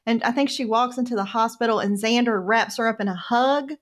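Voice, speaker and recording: A woman's voice: fairly high pitch, fairly quick. A woman co-hosting a casual chat about a TV show, laughing easily and talking a little tentatively. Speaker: podcast co-host.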